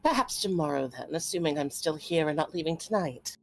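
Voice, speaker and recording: A woman's voice: low voice, lively intonation, creaky, breathy edge, no echo, soft background music, exaggerated voice. A woman playing a reserved noble daughter. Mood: dry. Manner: formal, measured, dry.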